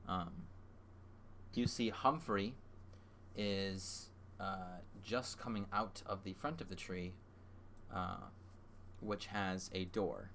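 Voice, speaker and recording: A man narrating as game master of a tabletop game, halting with frequent fillers. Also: low voice, fairly even intonation, a bit bright, a little hiss or hum.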